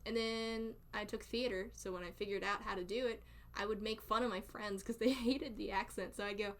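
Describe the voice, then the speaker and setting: A woman's voice: medium pitch, steady tone, brisk. A young woman with a Southern US accent chatting casually on a live stream, rambling and laughing often. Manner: giggly, rambling, frequent laughter. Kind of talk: casual chat.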